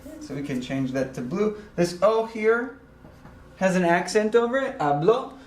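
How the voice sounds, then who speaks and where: A man teaching a recorded grammar lesson, explaining slowly and deliberately with frequent ums and uhs. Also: sits high, big pitch swings, reverberant. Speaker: Spanish teacher.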